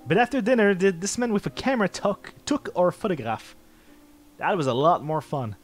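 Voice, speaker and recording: A man's voice: sits high, lively intonation, normal speed, faint music behind, voice pushed up. A man voicing a cheerful, naive young cat lady in a game playthrough, talking sweetly with a light, giddy manner. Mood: chatty.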